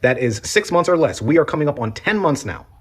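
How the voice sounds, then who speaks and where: A man giving political commentary in a steady, plain-spoken, argumentative way. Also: a little high, a little fast, husky. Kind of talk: reaction commentary.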